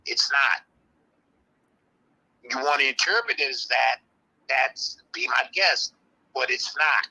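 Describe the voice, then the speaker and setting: An older man, calmly and firmly explaining history as an interview guest. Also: mid-range voice, gravelly, slightly rough, poor audio. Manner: firm, measured, explaining insistently. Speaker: interview guest, early hip-hop practitioner. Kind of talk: live online interview.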